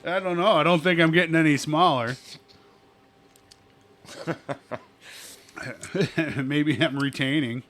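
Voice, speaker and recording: A man's voice: a little high, steady tone, slow, pauses often, fairly bright tone, slight background noise. A man hosting a casual chat over drinks, rambling, laughing often and swearing freely. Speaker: podcast host.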